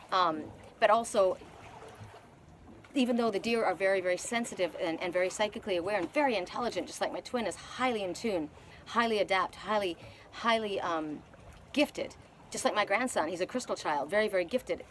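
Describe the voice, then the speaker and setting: An older woman talks quickly through a spiritual card reading, her words tumbling out in a rush. She sounds earnest and rambling, and she often repeats herself and restarts her sentences. Her voice sits at an ordinary middle pitch for a woman. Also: slight background noise. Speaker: oracle card reader.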